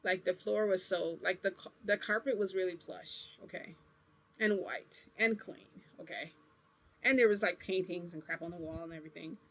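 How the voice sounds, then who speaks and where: A woman's voice: fairly low pitch, moderate pace. A woman vlogger casually telling a long personal story, rambling, with lots of "like" and restarts that correct herself. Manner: rambling, full of "like" and self-corrections.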